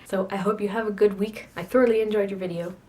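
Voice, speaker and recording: A teenage girl chatting straight to her camera in a casual video blog. She rants with a sassy, self-mocking edge and rambles from one complaint to the next. Her voice sits at an ordinary middle pitch for a young woman. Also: fairly even intonation, quick pace, mellow. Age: teens. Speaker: video blogger.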